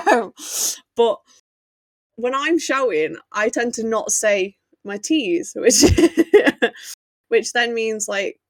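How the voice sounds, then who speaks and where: A woman's voice: fairly high pitch, expressive, very slow, no echo. A woman co-hosting a podcast in casual chat, laughing often as she talks. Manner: giggly, chatty, often laughing. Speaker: podcast co-host.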